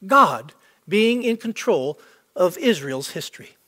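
A pastor preaches to his congregation in a church sanctuary, repeating himself emphatically to stress his points. His voice sits high and sounds sharp, very animated yet slow-paced, with long hall reverb on the recording.

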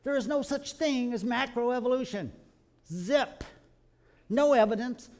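A middle-aged man from Kentucky, telling animated stories to a live audience in a folksy preaching style, calling the listeners folks. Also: very high-pitched, unhurried. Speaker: creationist speaker.

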